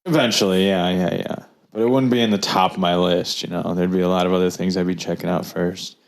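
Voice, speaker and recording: Rambling low-voiced podcast co-host man. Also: steady tone, fairly quick, creaky. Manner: rambling, many fillers and restarts. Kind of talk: casual chat.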